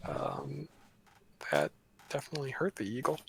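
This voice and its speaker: A man running a tabletop game as game master, talking in a relaxed, rambling way with fillers. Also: medium pitch, moderate pace, creaky, a little hiss or hum.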